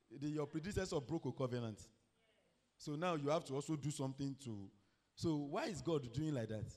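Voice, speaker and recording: A middle-aged man preaching a sermon, telling a story and asking the congregation questions, with sudden shouted peaks. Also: medium pitch.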